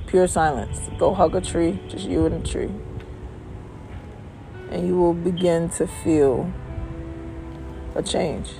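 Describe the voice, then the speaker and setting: A woman with a low-set, mellow voice talks bluntly and casually, sprinkling in swear words as she rambles through motivational advice. She is recorded outdoors on a porch, with faint music underneath. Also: slow, gravelly, long pauses. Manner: blunt, profane, loose and chatty. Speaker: vlogger. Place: outdoors on a home porch by water.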